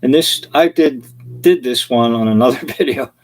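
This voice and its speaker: A man preaching, telling funny illustrations with chuckles as an animated storyteller. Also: mid-range voice, normal speed. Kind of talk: sermon illustrations, storytelling jokes.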